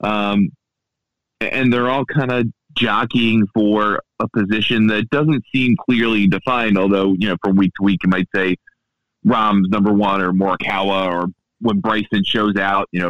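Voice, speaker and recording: A man from the Baltimore area chatting casually on a podcast, relaxed and full of fillers and restarts. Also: lowish voice, moderate pace, dry recording, highs cut off. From Baltimore area, USA. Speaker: golf podcaster and radio station founder.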